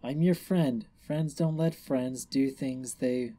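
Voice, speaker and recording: A calm, patient changeling doll creature from a storybook reading, voiced by a man close to his own voice. He speaks slowly with a dark, mellow tone and soft reassurance. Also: mid-range voice. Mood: gentle.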